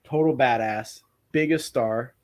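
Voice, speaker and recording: A man's voice: medium pitch, unhurried. A man hosting a casual podcast chat, talking with enthusiasm and rambling a little, with casual swearing.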